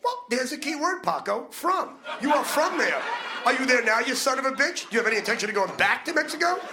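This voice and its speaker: A man's voice: very high voice, very animated, fast talker, noisy background. A man doing a crude, brash stand-up comedy set, punching his lines.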